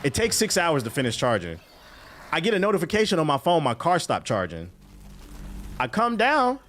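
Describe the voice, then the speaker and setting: A man telling a story in a casual, profane rant, animated and prone to repeating himself. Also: fairly high pitch, moderate pace. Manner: animated, profane, repeats phrases, jumps into quoted voices.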